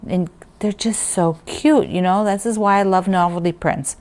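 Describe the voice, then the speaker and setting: A woman's voice: medium pitch, moderate pace, a little mellow. A woman hosting a quilting video, talking casually and enthusiastically with plenty of fillers and restarts. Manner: chatty, enthusiastic, rambling with fillers. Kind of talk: casual chat.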